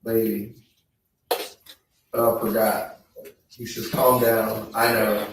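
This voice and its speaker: A man testifying in court, reading text messages aloud in a flat, halting way. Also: fairly low pitch, a little hiss or hum. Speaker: trial witness reading messages. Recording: echoey courtroom audio from far off.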